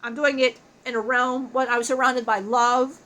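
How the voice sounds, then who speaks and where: A woman's voice: fairly high pitch, fairly even intonation, normal speed, fairly bright tone, close to an everyday voice. A woman channeling the spirit of a big, bald dead man who swears, jokes crudely and laughs often. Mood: joking.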